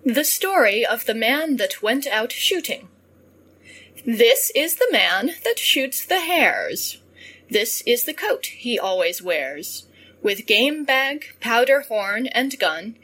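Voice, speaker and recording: Slow, breathy woman reading children's rhymes. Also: on the high side. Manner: slow, expressive storybook reading. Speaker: reader of children's verse.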